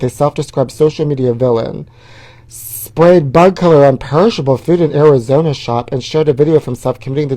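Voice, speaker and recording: A man's voice: on the high side, warm tone. A middle-aged man hosting a show, reading tabloid headlines aloud and riffing on them in a sassy, flamboyant way, calling the audience honey. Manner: sassy, flamboyant, calls viewers honey, reads headlines then riffs. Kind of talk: campy gossip commentary.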